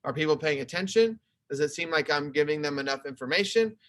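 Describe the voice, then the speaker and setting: Young male teacher, bright and slightly high voice, clear explaining tone for an online class, webcam mic. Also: animated, fast talker. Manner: explaining, conversational, talks through slides. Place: home video call. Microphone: computer webcam mic.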